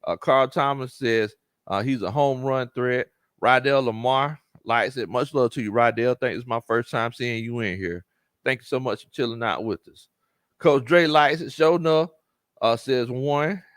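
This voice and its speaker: A man's voice: mid-range voice, moderate pace, clean tone, no echo, clean studio sound. A man hosting a casual sports livestream, reading viewer comments aloud and laughing often. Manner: laughs often, Southern slang, animated reactions. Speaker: sports show host and coach.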